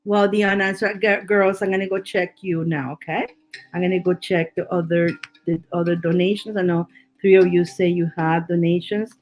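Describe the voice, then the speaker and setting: A woman's voice: fairly low pitch, level tone, normal speed, darkish tone, faint music behind, low-quality recording. A woman giving a live tarot reading, chatty with her viewers and laughing often, her voice worn from laughing. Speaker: tarot reader.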